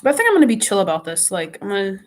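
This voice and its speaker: A woman rambles through a casual live stream, her voice stuffy from a runny nose. She talks loosely and keeps restarting her thoughts, circling back with filler words. Her pitch sits mid-range for a woman. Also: very animated, rapid-fire. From New York. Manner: chatty, rambling, restarts sentences often.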